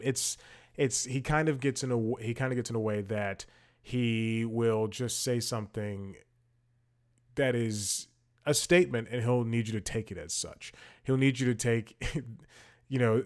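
Somewhat low and a little mellow, this man's voice belongs to a podcast host chatting casually. He rambles with many fillers, restarts and tangents, offering opinionated commentary as he thinks aloud while scrolling.

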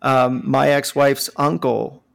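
A man with a northern US accent telling stories in a casual, animated chat, swearing and laughing as he goes. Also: mid-range voice, slow, vocal fry. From northern United States.

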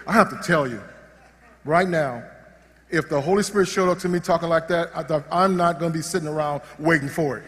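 A male pastor preaching a sermon, animated and joking, often restarting his sentences. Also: on the high side, fairly quick. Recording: long hall reverb.

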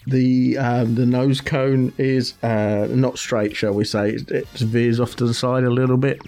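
A man's voice: medium pitch, steady tone, measured pace, darkish tone. A man co-hosting a podcast in casual chat, hesitant with many restarts. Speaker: podcast co-host.

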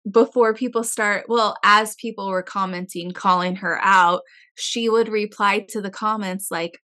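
A young woman in casual chat, telling stories with a voice that swings up and down and turns shrill when excited. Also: unhurried.

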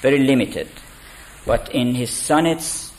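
Slow, deliberate man lecturing in an echoey room. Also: medium pitch. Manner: deliberate, halting, with many fillers. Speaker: lecturer on poetry. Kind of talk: spoken lecture.

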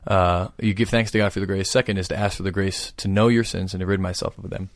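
A man calmly explaining a prayer practice in casual conversation. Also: sits low, quick pace, dry recording, studio quality. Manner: thoughtful, explanatory, steady.

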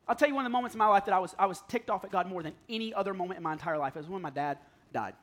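A high-voiced man in his thirties gives a raw, confessional sermon to a church congregation. He drops to near-whispers and then climbs to loud, pleading peaks as he talks straight to the room. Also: expressive, rapid-fire. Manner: candid, swings from hushed to loud and pleading. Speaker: pastor. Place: church hall.

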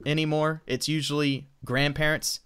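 Southern guy on a podcast, kinda high voice, rants and restarts a lot. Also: level tone, moderate pace, fairly bright tone, smooth. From American South. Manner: opinionated, rambling with restarts. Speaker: podcast co-host. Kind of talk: casual movie review chat.

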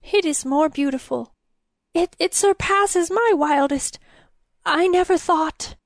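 A woman voicing an excitable, gold-obsessed king who sobs, rages and pleads. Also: a little high, unhurried, gravelly, no echo, heavily acted. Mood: sobbing joy. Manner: sobbing, raging, then pleading.

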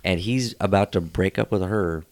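A man's voice: sits low, normal speed. A young man hosting a casual podcast, telling a rambling story and laughing often. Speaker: podcast host.

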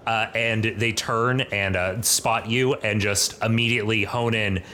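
A man runs a tabletop game, describing scenes in a loose, rambling way full of fillers. His voice sits low but sounds bright. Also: fairly even intonation, measured pace, few pauses. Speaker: game master.

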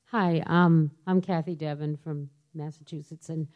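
A woman's voice: low voice, steady tone, unhurried, narrow, tinny audio. A retired older woman in the audience asks a question, talking as an eager, gushing fan. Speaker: audience member. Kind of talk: asking a question.

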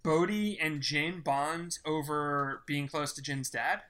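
A podcast co-host in casual fan chat, animated and swearing for emphasis, acting out quoted lines. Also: medium pitch, slow.

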